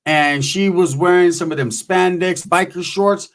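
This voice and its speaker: A man's voice: sits high, brisk, few pauses. A man casually telling a long, profane story, acting out the voices of the people in it. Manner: profane, rambling, acts out voices.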